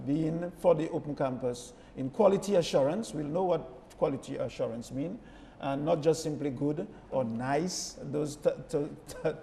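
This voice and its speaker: A man hosting a broadcast panel discussion, jovial and halting, with frequent restarts. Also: a little high, creaky, dark tone. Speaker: host. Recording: noisy roomy hall.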